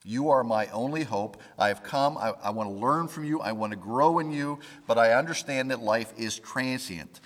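A pastor delivers a conversational sermon in a reverberant hall, his mid-range voice moving at normal speed with hardly any pauses. He restarts sentences and voices the pleas that scripture figures made to God.

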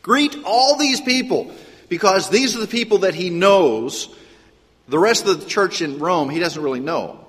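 Male pastor, slightly high voice, casual storytelling sermon delivery, long reverb of a church hall. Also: a little slow, slightly rough. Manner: conversational, storytelling, lively asides.

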